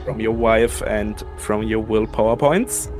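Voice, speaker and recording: A man's voice: on the low side, steady tone, unhurried, darkish tone, soft background music. A man runs a tabletop horror game, describing the action in loose, vivid, profane narration. He talks casually, like a friend at the table. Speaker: game master.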